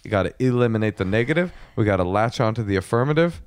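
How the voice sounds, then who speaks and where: A man's voice: on the low side, expressive, quick pace, clean tone, dry recording. A man co-hosting a podcast, chatting casually and joking in a playful, exaggerated way. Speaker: podcast co-host. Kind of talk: casual comedic chat.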